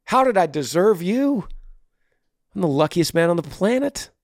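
A man voicing a scared, worn-out husband after a long illness, talking quietly and confessionally. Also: high voice, very animated, normal speed, dry recording, studio quality, voice pushed up. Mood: grateful.

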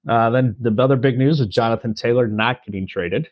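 A man's voice: mid-range voice, brisk, no room sound, muffled recording. A man co-hosting a casual podcast, making dry, wry remarks. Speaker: podcast co-host. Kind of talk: casual chat.

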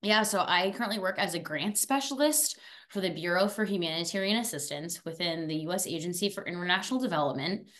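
A young woman from France, a former student, talking fast and chatty in a casual interview. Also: on the low side, expressive, fairly bright tone.

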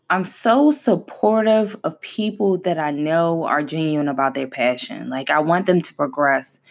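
A woman in her thirties hosting a podcast, talking candidly and from the heart in a casual, conversational way and stressing her points by repeating them. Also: fairly low pitch. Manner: conversational and heartfelt, with emphatic repetition. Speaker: podcast host. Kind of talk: candid personal talk.

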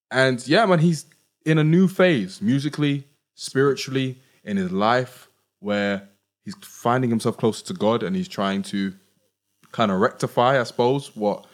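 A man, hosting a casual podcast chat in a laid-back, rambling way. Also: lowish voice. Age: 20s. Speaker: podcast host.

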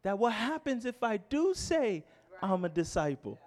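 A man preaching a sermon as pastor, swinging between fervent shouting and quiet storytelling, with repeated rhetorical questions. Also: high-pitched, very animated, moderate pace.

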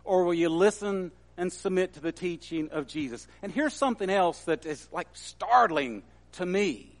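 A man's voice: high voice, animated, normal speed. A man preaching a sermon in an earnest, emphatic way that builds at times.

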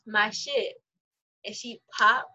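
A young woman chats over a video call, telling stories in a lively, profane way and laughing often. Her voice sits a bit high and sounds bright and forceful. The audio is muffled, like a compressed call. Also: slow, slightly rough. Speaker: conversation partner. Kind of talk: casual storytelling chat.

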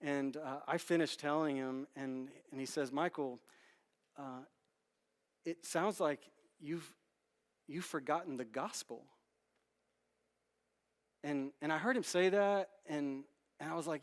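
Animated storytelling male pastor. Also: on the high side, unhurried. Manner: candid, self-deprecating, animated storytelling with many restarts. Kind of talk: storytelling sermon. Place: church sanctuary.

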